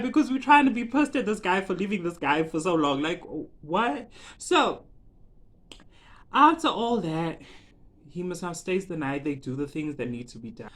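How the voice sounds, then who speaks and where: A vlogger giving a casual, animated recap, dramatic and full of laughter and rhetorical questions. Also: medium pitch, normal speed.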